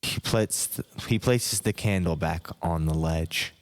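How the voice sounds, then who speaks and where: Slow, deep-voiced man doing parody hypnosis. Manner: slow, soft, second-person hypnotic narration. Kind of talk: parody sleep hypnosis narration. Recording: long hall reverb.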